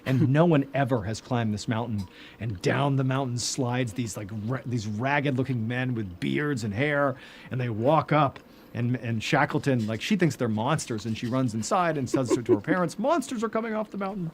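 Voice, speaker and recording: A man telling stories in casual chat as a podcast host, animated, with lots of filler words. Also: medium pitch, moderate pace, a little hiss or hum.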